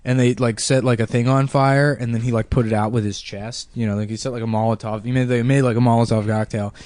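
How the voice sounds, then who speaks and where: Male podcast co-host, crude laughing storyteller, mid pitch. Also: fairly even intonation, fast talker, darkish tone, no room sound. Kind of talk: casual chat.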